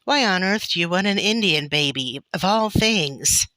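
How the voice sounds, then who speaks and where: A woman's voice: deep voice, sing-song, measured pace, pushed and bright, no echo, exaggerated voice. A woman doing a scolding pioneer mother. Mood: exasperated. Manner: scolding, exclaiming.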